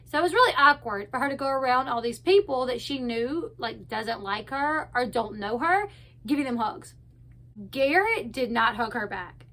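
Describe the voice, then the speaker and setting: A woman's voice: a little high, animated, bright, forceful tone. A woman giving a casual, chatty recap commentary of a reality show, retelling scenes and quoting what people said. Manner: chatty, retells scenes with quoted lines in a quick loose flow.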